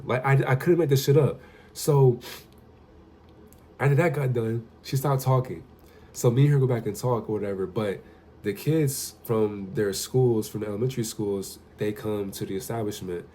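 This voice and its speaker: Young man, casual profane vlog storytelling, mellow lowish voice, faint background noise. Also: moderate pace. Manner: loose, profane, conversational storytelling. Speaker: vlogger.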